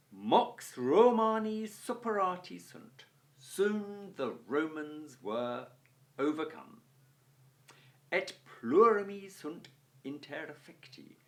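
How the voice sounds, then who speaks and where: A man teaching a Latin lesson, reading phrases aloud and translating them bit by bit with chatty, lightly humorous asides. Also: medium pitch. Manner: chatty asides with gentle humour. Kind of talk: recorded language lesson, translating line by line.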